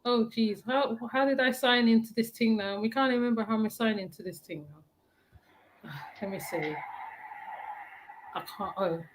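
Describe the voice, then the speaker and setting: A woman hosting a casual chat, animated, repeating herself and laughing often. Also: on the high side, moderate pace, long pauses, a little hiss or hum. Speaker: host.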